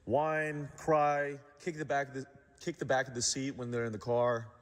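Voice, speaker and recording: A man's voice: medium pitch, flat delivery, normal speed, in a large hall, heavy background noise. Incredulous man reacting on stream. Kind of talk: casual reaction chat.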